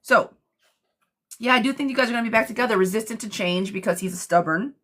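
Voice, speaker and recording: A woman's voice: fairly high pitch, quick pace, fairly bright tone. A woman giving a live-streamed tarot reading in a chatty, blunt way, speaking straight to the viewer. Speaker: tarot reader.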